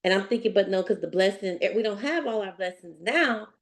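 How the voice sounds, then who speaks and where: A woman in a group discussion, working through her question out loud in a thoughtful way. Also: medium pitch, lively intonation, brisk. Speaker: class participant.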